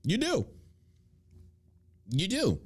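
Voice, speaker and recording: A man hosting an opinion podcast, his voice sitting a little high and swinging widely as he rants. He swears freely and mocks his targets by imitating them. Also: wildly swooping pitch, extremely slow, breathy edge. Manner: profane, heated ranting; mocking put-on quotes. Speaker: podcast host.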